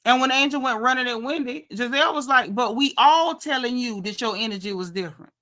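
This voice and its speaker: Woman host, bright voice pitched a bit high, animated gossipy recap delivery. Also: fairly quick. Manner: animated, gossipy, quotes people in lively asides. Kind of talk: casual recap chat.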